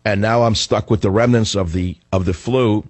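Combative and sarcastic, a male host from the northern US gives a talk radio monologue while coughing, still recovering from the flu. His fairly low voice has a darkish tone and fairly even intonation at a moderate pace, recorded on a studio microphone with no echo.

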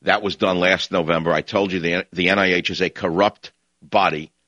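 A man's voice: deep voice, steady tone, brisk, pushed and bright, no echo. A man hosting a talk radio show, delivering an opinionated monologue with a sarcastic, combative edge, heard over muffled lo-fi broadcast audio.

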